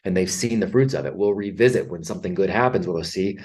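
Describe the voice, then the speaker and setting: A man's voice: low voice, fast talker, a little mellow, husky. A middle-aged man as a podcast guest, telling personal stories in an earnest, reflective way, with frequent fillers and restarts. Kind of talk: candid conversational storytelling.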